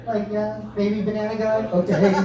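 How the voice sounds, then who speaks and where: A man doing a stand-up set, rambling and profane, often laughing at his own jokes. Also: sits high. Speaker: stand-up comedian. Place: comedy club stage. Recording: echoey club from far off.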